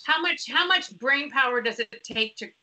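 A woman guest on a comedy podcast, excitable and laughing, often restarting her sentences. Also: high voice, normal speed, poor audio. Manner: excitable, laughing, self-interrupting. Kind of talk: casual comedic chat.

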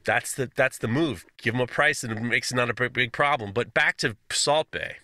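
A man co-hosting a casual podcast chat, telling stories in an animated, profane, mocking way. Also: mid-range voice, moderate pace, dry recording, clean studio sound. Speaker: podcast co-host, knife maker.

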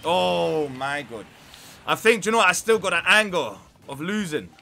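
Excitable young gamer shouting at wins. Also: male voice, sits high, fast talker, faint music behind. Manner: excitable, swings from muttering to shouting at the game. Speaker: gaming YouTuber. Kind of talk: live gameplay commentary.

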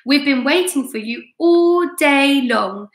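A woman's voice: high-pitched, lively intonation, takes it slowly, pitched above the performer's own voice, exaggerated voice. A woman voicing an elderly male grasshopper, speaking in a welcoming way. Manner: warm and welcoming. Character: old green grasshopper, elderly male insect. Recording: roomy echo.

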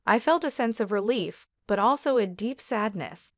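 Calm, firm woman narrating a story. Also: on the high side, moderate pace, no room sound, clean studio sound. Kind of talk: scripted first-person story narration.

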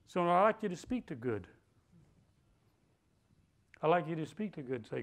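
Male pastor with a high voice, preaching with call-and-response and building to loud, emphatic lines. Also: big pitch swings, normal speed, long pauses. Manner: call-and-response preaching, leading the congregation in repeated phrases; rising to loud, emphatic declarations. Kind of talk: sermon. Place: church hall.

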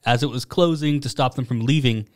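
A man co-hosting a comedy podcast, relaxed, telling the story with filler words and chuckles. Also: mid-range voice, brisk. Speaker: podcast co-host bringing the news story. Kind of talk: casual comedic chat.

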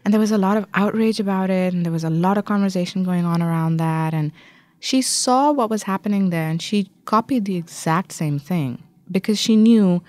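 A woman journalist and author answering interview questions, telling a story fluently and with lively emphasis. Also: mid-range voice, moderate pace, no echo.

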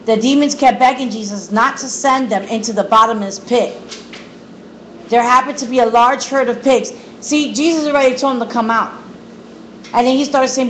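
A woman's voice: high voice, steady tone, moderate pace, a bit bright, a little hiss or hum, poor audio. A woman leading a Bible study, reading scripture aloud and commenting, repeating words for emphasis, recorded on a phone. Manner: repetitive emphasis.

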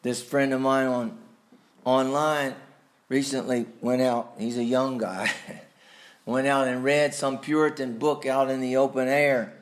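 A man preaching a sermon, slow and deliberate, with sudden emphatic rises and quiet asides. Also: mid-range voice, level tone. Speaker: pastor.

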